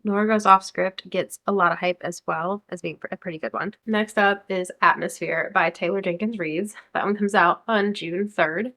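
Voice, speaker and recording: A woman's voice: medium pitch, fairly even intonation, moderate pace, few pauses, pushed and bright. A young American woman chatting casually about upcoming books, enthusiastic and talkative, sometimes reading blurbs aloud. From United States. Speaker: book vlogger. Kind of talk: casual chat.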